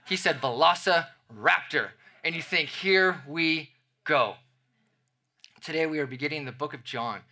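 A man's voice: on the high side, fairly quick, hardly any pauses, sharp tone. A man, the pastor, preaching a sermon to his congregation with playful, conversational asides.

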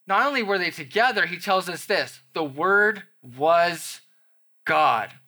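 A man's voice: sits high, expressive, takes it slowly, pushed and bright. A man, the pastor, preaching a sermon to his congregation with playful, conversational asides.

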